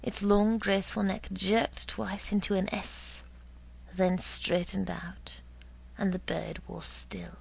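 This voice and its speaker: A woman narrating a story in a slow, hushed way, often dropping to a whisper. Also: medium pitch, fairly even intonation, creaky, slightly rough, low-quality recording.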